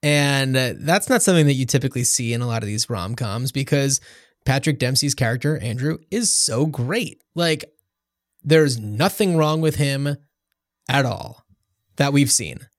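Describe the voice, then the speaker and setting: A podcast co-host with a mid-range, expressive voice talks casually about a film at a moderate pace, rambling with plenty of fillers and restarts. The recording is clean studio sound with no room noise.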